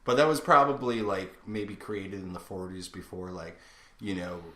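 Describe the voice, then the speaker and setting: A man's voice: deep voice, fairly even intonation, moderate pace, a bit bright. A young man co-hosting a casual podcast, telling rambling stories full of filler words. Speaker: podcast co-host. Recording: roomy echo.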